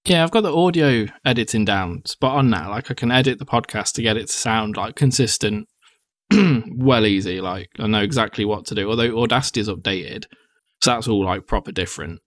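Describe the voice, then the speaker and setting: A man's voice: fairly low pitch, brisk, no echo, studio quality. A young man, co-hosting a casual podcast chat, talkative and swearing freely. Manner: chatty, swears casually, acts out quotes. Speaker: podcast co-host.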